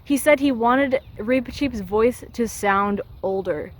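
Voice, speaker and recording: A woman's voice: a little high, takes it slowly, poor audio. A young woman giving casual critical commentary, ranting with exasperated sarcasm. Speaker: video essayist.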